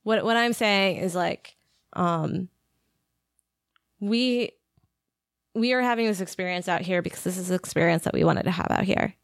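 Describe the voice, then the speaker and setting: A woman's voice: on the low side, normal speed, creaky, long pauses, dry recording. A young woman hosting a podcast in a casual chat, talking in a hesitant, friendly way with many fillers, recorded on a studio microphone. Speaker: podcast host.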